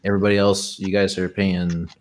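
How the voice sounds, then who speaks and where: A man with a lowish voice in a casual group call, joking crudely and teasing his friends. He also handles the practical details of the group's plans. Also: level tone, a little fast, darkish tone. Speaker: podcast panelist.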